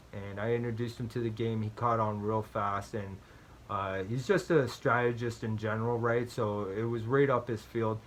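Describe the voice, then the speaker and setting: A man's voice: medium pitch, a bit bright, a little hiss or hum. A man hosting a strategy game channel, explaining play in a chatty, self-deprecating way with personal stories, often ending his points with "right?" and repeating phrases for emphasis.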